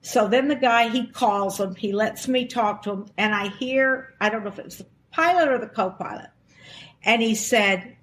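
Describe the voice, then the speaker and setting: A woman's voice: on the high side, moderate pace, fairly bright tone, a little hiss or hum. A woman in her sixties from Alabama, a guest recounting a personal story and acting out the quoted dialogue with animation. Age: 60s.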